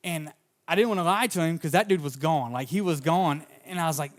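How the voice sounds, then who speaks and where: A male pastor preaching a sermon and telling personal stories, fervent in places and relaxed in others. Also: a little high, fairly quick. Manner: fervent at the open, then relaxed anecdotal storytelling.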